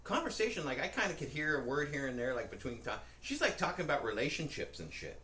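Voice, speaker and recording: A man co-hosting a podcast tells a rambling, profane story with a lot of energy, and his pitch leaps up and down. His voice is bright and forward. The recording sits in a roomy, echoey space with a faint hiss of background noise. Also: big pitch swings, quick pace. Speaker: podcast co-host. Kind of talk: casual storytelling chat.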